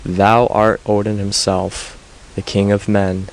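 Male narrator doing a dead seeress, low, slow, moaning and archaic. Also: flat delivery, low-quality recording. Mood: grave. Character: ancient dead female prophetess, mournful. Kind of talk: audiobook reading.

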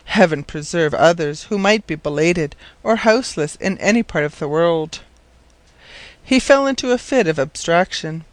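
A man narrating a classic story in a measured, reading voice. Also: high-pitched, no room sound. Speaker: audiobook narrator. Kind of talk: scripted narration.

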